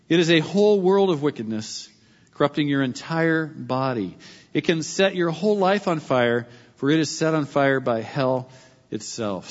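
A man preaching a sermon as pastor, emphatic and repeating his key phrases slowly. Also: on the high side, long reverb tail, highs cut off.

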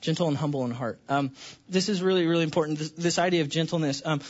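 A man preaching a sermon to his congregation, passionate, dropping to hushed tones and then rising to near-shouts. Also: a little high, fast, muffled recording. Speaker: pastor.

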